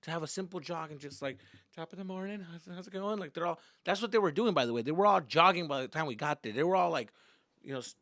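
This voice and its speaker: A man, a comedian, telling a childhood story in an animated, profane way, slipping into Spanish. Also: fairly high pitch, fast, no echo, clean studio sound. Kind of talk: stand-up style storytelling.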